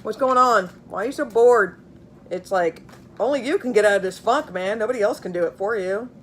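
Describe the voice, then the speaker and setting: A woman reads tarot cards to camera in a loose, chatty way. She is blunt and swears often, circles back on her words and fills gaps with "uh" and "you know". Her voice sits at an ordinary middle pitch. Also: a little fast, a little hiss or hum. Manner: blunt, swears freely, many fillers; chatty, repeats herself while pulling cards. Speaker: tarot reader. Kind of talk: casual tarot reading.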